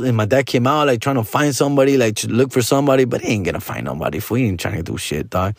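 A man's voice: medium pitch, animated, racing, few pauses, dry recording, clean studio sound. A man in his forties telling a personal story in casual, profane slang, switching between English and Spanish. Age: 40s.

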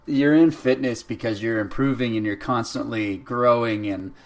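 A man chatting casually, relaxed, thinking aloud with fillers. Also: medium pitch, moderate pace. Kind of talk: casual podcast chat.

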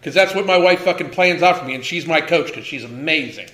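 A man's voice: on the high side, lively intonation, a little fast, a bit bright, echoey room. A man in his fifties hosting a livestream, ranting with heavy swearing and emphatic repetition. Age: 50s. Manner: profane, heated, emphatic repetition. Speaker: host.

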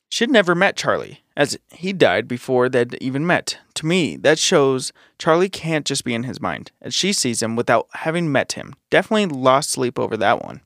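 A man hosting a podcast, reading a listener's ghost story in a steady, matter-of-fact way. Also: on the high side, no room sound, clean studio sound. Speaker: podcast host.

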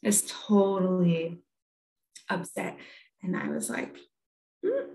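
A woman's voice: medium pitch, fairly even intonation, moderate pace, reverberant. Candid woman telling a parenting story. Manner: candid, conversational, with frequent "like" and restarts. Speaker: speaker giving a talk on parenting. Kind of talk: personal storytelling talk.

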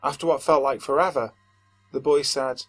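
A man reading a submitted first-person horror story aloud in a steady, measured narration that slows at the tense moments. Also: mid-range voice. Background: faint background music.

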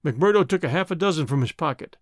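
A man narrating a classic story in a measured, expressive storytelling voice. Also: a little high, no echo, clean studio sound. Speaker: audiobook narrator.

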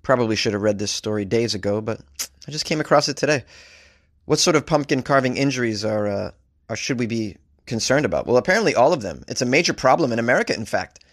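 A man's voice: medium pitch, expressive, fast talker. Male host, casual news commentary, sarcastic rambling delivery, swears freely. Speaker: host reading and reacting to news stories. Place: staying in a hotel abroad.

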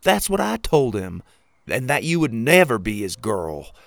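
A man's voice: mid-range voice, big pitch swings, unhurried, vocal fry, fairly bright tone, no echo, exaggerated voice. A man voicing a timid young boy who is hurt and defensive. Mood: aggrieved. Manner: defensive, pleading.

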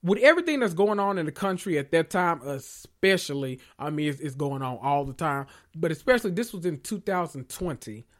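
Animated, profane male podcast host. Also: a little high, brisk, few pauses. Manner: animated, profane, emphatic repetition. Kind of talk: casual reality TV recap.

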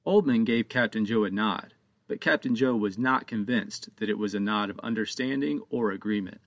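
A man's voice: fairly low pitch, normal speed, fairly bright tone, no echo, clean studio sound. A man reading his own children's book aloud as an audiobook narrator.

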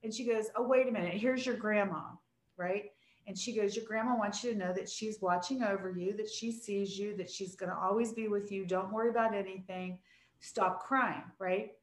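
A woman's voice: mid-range voice, fairly even intonation, normal speed. A woman in her sixties, a preacher, telling stories in a casual chat in an earnest, emphatic way. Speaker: preacher and podcast guest. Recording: roomy echo.

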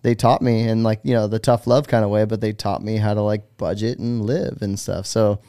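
A man in his forties from the United States tells stories in a relaxed, meandering way, leaning on plenty of fillers. His voice sits a little low and has a gravelly, creaky edge. The sound is close and dry. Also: moderate pace, dry recording. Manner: rambling, filler-heavy, laid-back. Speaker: guest, pro BMX rider. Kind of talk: casual podcast interview storytelling.

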